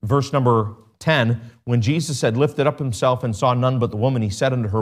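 A man's voice: mid-range voice, a little fast, hardly any pauses. A man preaching a sermon, asking his congregation rhetorical questions and reading scripture in King James wording.

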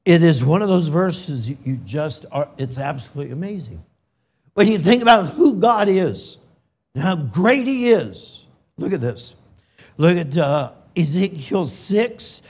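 A man from California preaching a sermon, slow and emotional, swinging from loud emphasis to hushed, near-whispered lines. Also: fairly high pitch.

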